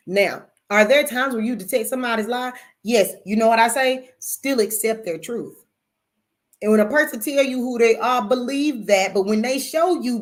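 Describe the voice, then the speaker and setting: A woman host telling a story in casual, animated talk, calling her listeners y'all and swearing freely. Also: on the high side. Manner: animated, profane, addresses audience as y'all.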